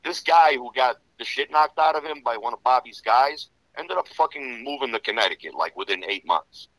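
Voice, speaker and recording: A man telling rough stories in a casual interview, profane and rambling, full of "you know". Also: medium pitch, expressive, moderate pace, a bit bright, no room sound, poor audio. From Serbian Romanian background. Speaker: interview guest.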